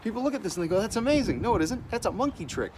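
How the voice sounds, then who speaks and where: Blunt, animated male artist, profane monologue, faint ambient noise behind. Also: high voice, rapid-fire. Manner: blunt, animated, swears freely. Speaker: artist sharing opinions.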